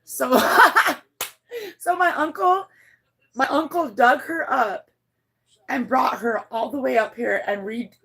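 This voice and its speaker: Gravelly-voiced woman telling a story on a livestream. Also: slow pace, long pauses, bright, forceful tone. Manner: rambling, blunt, swears freely, many restarts; emotional, voice climbs high when moved. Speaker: livestreamer reading her chat.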